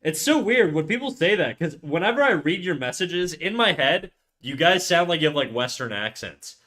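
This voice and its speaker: A man's voice: a little high, big pitch swings, normal speed. Rambling male streamer muttering while drawing. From Canada. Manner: rambling, chats with viewers, drops to quiet muttering while working. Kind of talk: casual livestream chat while drawing.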